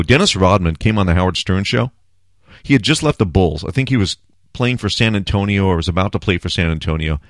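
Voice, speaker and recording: A man's voice: fairly low pitch, dry recording, studio quality. A man hosting a home cooking show, talking casually and bluntly to the camera with some swearing. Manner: blunt, profane, energetic. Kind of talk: casual talk to camera, recipe instructions.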